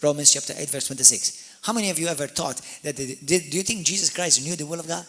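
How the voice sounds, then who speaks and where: A man preaching a sermon, swinging from quiet explanation to loud calls with frequent hallelujahs and amens. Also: a little high, quick pace. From Malta. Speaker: pastor.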